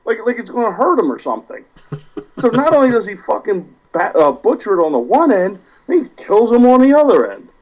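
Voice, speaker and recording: Male caller, profane and animated, slightly high voice, dull lo-fi line. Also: brisk. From South Jersey, USA. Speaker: regular caller. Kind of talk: casual podcast chat.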